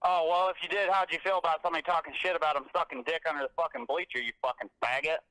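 A man's voice: fairly high pitch, fairly even intonation, racing, bright, forceful tone, no room sound, rough recording. A man calling in to a podcast, aggressive and threatening, cursing constantly. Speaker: angry caller. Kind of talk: profane phone rant.

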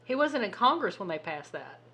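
A woman co-hosting a casual podcast, telling a story in an animated, exasperated way and swearing now and then. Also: mid-range voice, fairly quick, husky. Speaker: podcast co-host. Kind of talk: casual chat.

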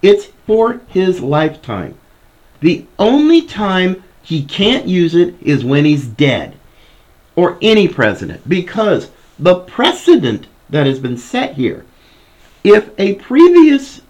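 Animated, high-voiced male political commentator. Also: slow. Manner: indignant, reads article aloud with asides. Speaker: podcast host.

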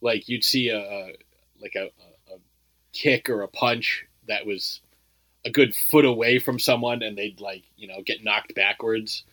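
A man's voice: on the low side, steady tone, unhurried, pushed and bright, dry recording, rough recording. A man co-hosting a casual movie review podcast, talking in a loose, rambling way full of "like" and "you know.". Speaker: podcast co-host.

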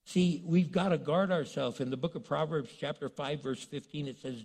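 A man preaching a sermon, retelling a story in a lively, conversational way and acting out the characters. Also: a little high, normal speed, few pauses, slightly rough. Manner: animated storytelling, acts out characters. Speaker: pastor. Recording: long reverb in a large hall.

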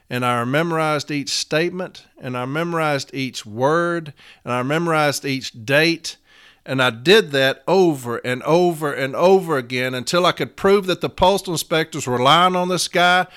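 A man's voice: a little high, bright, forceful tone, smooth. A middle-aged man and union shop steward giving an impassioned, repetitive talk to fellow members. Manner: fervent, repetitive, preacher-like cadence.

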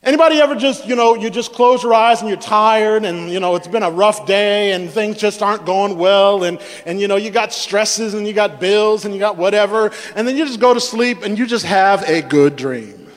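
High-voiced preacher in a ringing church hall. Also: male voice, normal speed, hardly any pauses. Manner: preaching with rhetorical questions to the congregation; repeats words as he builds each point. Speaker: pastor. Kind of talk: sermon.

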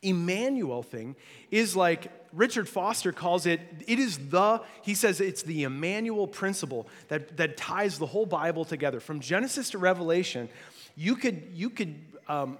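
A man preaching a sermon in a church, in a conversational way, with frequent fillers, restarts and playful asides. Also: on the high side. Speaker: pastor. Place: church sanctuary. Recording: long hall reverb.

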